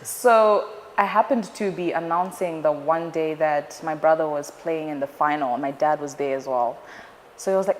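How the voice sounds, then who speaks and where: A young woman, a news anchor, chatting as an interview guest, playful and animated as she tells stories. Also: deep voice, normal speed. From Zimbabwe. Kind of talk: casual interview chat. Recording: reverberant room with faint noise.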